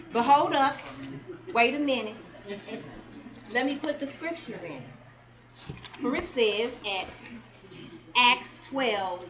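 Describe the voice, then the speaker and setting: A woman's voice: a little high, muffled recording. A woman performing spoken word poetry at a community celebration, rhythmic and calling out to the crowd. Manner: rhythmic, call-and-response with crowd. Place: community celebration event hall.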